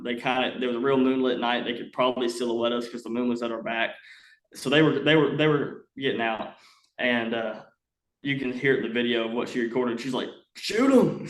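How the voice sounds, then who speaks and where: Young man, podcast guest, casual animated storyteller, mid pitch, echoey room. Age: young adult. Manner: rambling, animated, many "uh" fillers. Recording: roomy echo.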